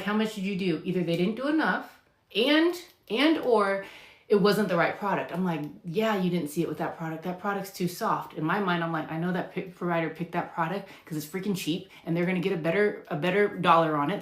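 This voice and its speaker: A woman's voice: on the low side, a little fast. A woman nurse practitioner answering viewer questions in casual live talk, emphatic and chatty, with lots of fillers and acted-out patient lines. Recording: echoey room.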